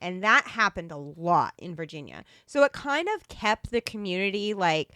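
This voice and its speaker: A woman's voice: lowish voice, animated, normal speed, few pauses, pushed and bright, clear, resonant tone, no echo. Casual co-host: middle-aged woman, chatty and amused, close dry mic. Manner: chatty storyteller, laughs often. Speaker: podcast co-host telling the story. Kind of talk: casual chat.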